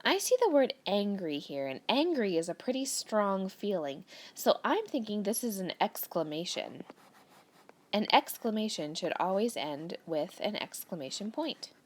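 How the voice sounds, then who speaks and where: At a measured pace, a woman teacher with a mid-range voice and big pitch swings guides young students through a grammar worksheet. She patiently reads the sentences aloud and explains each step in a recorded lesson for children.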